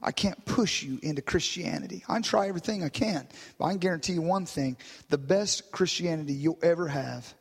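A man preaching a sermon, dropping to quiet, low stretches and rising to shouted climaxes, with "hallelujah" and "glory to God" between lines. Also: brisk, creaky, hardly any pauses, husky. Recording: long reverb of a church hall.

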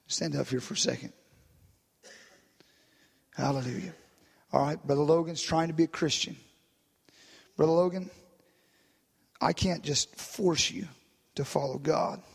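A man preaching a sermon, dropping to quiet, low stretches and rising to shouted climaxes, with "hallelujah" and "glory to God" between lines. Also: gravelly, husky. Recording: long reverb of a church hall.

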